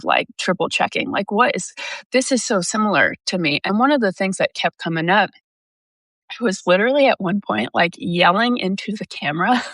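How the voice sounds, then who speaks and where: A woman's voice: on the low side, fairly bright tone, dry recording. Chatty, swearing woman reader talking to camera. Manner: chatty, swearing, rambling with frequent fillers. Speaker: intuitive reader. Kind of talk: casual monologue to camera.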